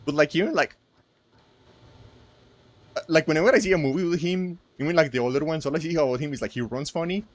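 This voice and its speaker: A man's voice: a little high, quick pace, long pauses, dry recording. A young man co-hosting a casual podcast chat, rambling with lots of fillers and frequent giggles. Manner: rambling, giggly, heavy use of "like". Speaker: podcast co-host.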